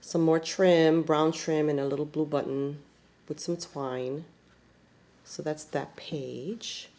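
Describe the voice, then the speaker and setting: A woman's voice: deep voice, fairly even intonation, takes it slowly, mellow. A woman casually showing and describing a handmade scrapbook album, chatty and rambling with many fillers. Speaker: scrapbook crafter. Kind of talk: casual show-and-tell.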